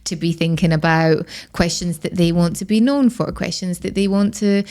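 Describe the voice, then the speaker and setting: A woman's voice: lowish voice, steady tone, normal speed, a little mellow. A woman with a Scottish accent, a guest on a business podcast, speaking emphatically and acting out the quoted lines in her stories. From Scotland. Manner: emphatic and opinionated, acts out quoted dialogue. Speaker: podcast guest, personal branding expert. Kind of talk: conversational interview.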